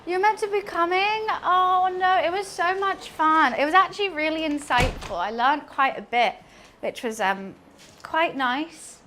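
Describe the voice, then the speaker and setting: A young woman with a British accent chats through a cooking livestream. Her voice sits high, and she tells long, excitable stories that keep trailing off into laughter. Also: unhurried, slight background noise. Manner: rambling, excitable storytelling with frequent laughter. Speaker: streamer. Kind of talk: casual chat while cooking on a livestream.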